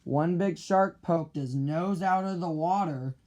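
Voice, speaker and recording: Slow, clear male storybook reader. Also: a little high, a little mellow, a little hiss or hum. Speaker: children's book reader. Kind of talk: reading a children's picture book aloud.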